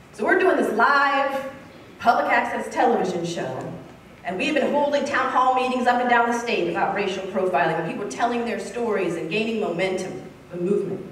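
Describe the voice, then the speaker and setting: A woman's voice: on the high side, far from the mic. Woman lawyer telling an earnest personal story at a conference, heard from afar in an echoing hall with a faint hiss behind. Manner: earnest, builds up then drops to soft intimate tones. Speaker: author and civil rights lawyer giving a talk.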